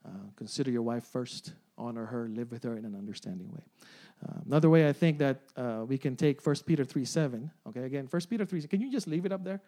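A man's voice: medium pitch, lively intonation, fast, few pauses, mellow. A man in his forties preaching a sermon, often repeating phrases, asking the congregation "amen?" and "right?", and laughing along. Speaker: pastor.

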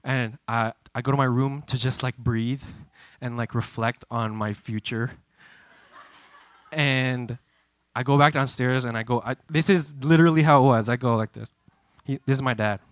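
A man in his twenties preaching a sermon and telling a story in a lively, chatty way. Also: medium pitch, normal speed, long pauses, dry recording. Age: 20s.

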